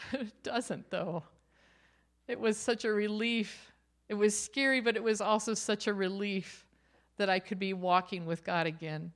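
A woman's voice: medium pitch, unhurried, long pauses. A middle-aged woman sharing her faith testimony, earnest and personal. She tells it like a story and often laughs lightly between thoughts.

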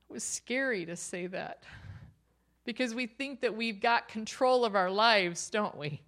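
A woman's voice: medium pitch, unhurried, a bit bright. Middle-aged woman telling her faith story, earnest, laughs a little as she goes. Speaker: speaker sharing a personal testimony. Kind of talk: personal faith testimony.

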